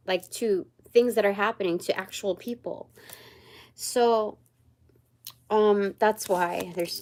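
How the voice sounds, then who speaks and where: Slow, meandering woman reading tarot. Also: mid-range voice, darkish tone. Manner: slow and meandering, many pauses and fillers; searches aloud for words. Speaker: tarot reader and channeler. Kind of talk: livestreamed spiritual card reading.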